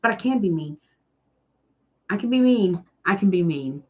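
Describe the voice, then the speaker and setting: On her DIY live stream, a woman from Tennessee with a Southern country drawl banters casually with viewers, sarcastic and quick to poke fun at herself. Her mid-range voice is expressive and moderately paced, though the recording has its highs cut off.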